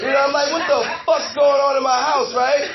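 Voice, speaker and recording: A man's voice: very high voice, steady tone, brisk. A man doing a profane, loose stand-up set, laughing through his jokes at an open mic. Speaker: stand-up comedian. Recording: echoey lo-fi open mic with crowd.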